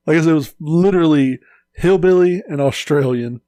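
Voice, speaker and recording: A man's voice: on the high side, quick pace, dark tone, no room sound. A man co-hosting a casual podcast, telling easygoing stories and swearing now and then. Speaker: podcast co-host. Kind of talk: casual chat.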